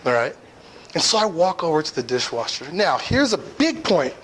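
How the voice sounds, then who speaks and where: A young man with a slightly high, very lively voice tells a story to an audience. He is playful and animated, acting out his own lines and often stopping to ask "right?" His pitch swings up and down a lot as he talks. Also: normal speed, slightly rough, poor audio. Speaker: speaker telling a personal lesson.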